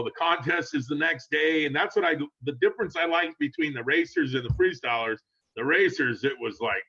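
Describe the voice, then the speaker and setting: A rambling older man spins a casual story, his voice sitting a touch high. He laughs often and jumps up in pitch to act out what people said. The sound is dull and a bit lo-fi. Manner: rambling, animated, laughing, acts out quotes in raised voice. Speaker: guest storyteller.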